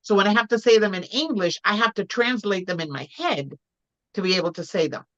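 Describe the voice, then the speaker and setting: A woman from Puerto Rico chatting casually as a guest, telling stories in an animated way. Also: mid-range voice, fairly quick, highs cut off. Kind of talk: casual chat.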